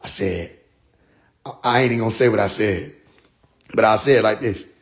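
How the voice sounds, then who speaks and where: Speaking at a moderate pace with a creaky voice, this young guy recounts something that happened to him. He's profane and lively, alternating loud bursts with quiet mumbled side comments.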